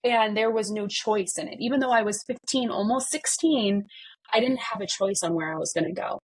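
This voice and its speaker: A woman's voice: medium pitch, a little fast, breathy edge. A woman in her thirties, a podcast guest, retelling a personal story with many "like" fillers and acted-out dialogue.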